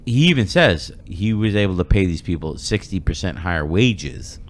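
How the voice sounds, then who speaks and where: A podcast host with a very low voice talks in a loose, rambling way, stopping to restart his thoughts. Faint noise hums under the recording. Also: lively intonation, normal speed. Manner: rambling, many fillers and restarts. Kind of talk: casual discussion.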